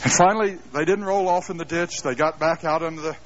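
A middle-aged man preaching a sermon, telling stories with self-deprecating humor and an animated delivery. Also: fairly high pitch, fast talker, a little hiss or hum. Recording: dull lo-fi live sermon tape.

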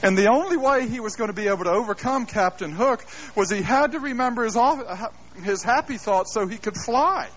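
Middle-aged male preacher, fairly high voice, animated and self-mocking, muffled old recording. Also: a little fast, few pauses. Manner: animated storytelling with self-deprecating humor. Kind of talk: sermon. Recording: dull lo-fi live sermon tape.

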